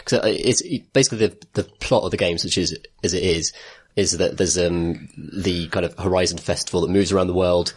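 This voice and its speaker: A man's voice: low voice, fairly even intonation, a little fast, hardly any pauses, slightly rough. A British man chatting casually on a podcast, rambling with frequent restarts and laughter. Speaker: podcast co-host. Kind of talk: casual chat.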